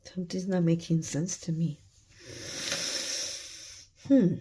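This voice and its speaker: A woman counting cash aloud for her budgeting vlog, murmuring numbers and thinking out loud. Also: fairly low pitch, fairly even intonation, takes it slowly, slightly rough. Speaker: budgeting vlogger.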